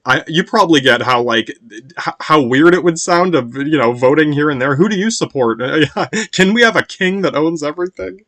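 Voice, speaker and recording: A man's voice: a little high, expressive, normal speed, a bit bright, dry recording. Rambling, foul-mouthed man. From United States. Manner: meandering, profane, constant "yeah" fillers. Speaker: podcast host. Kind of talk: rambling casual monologue.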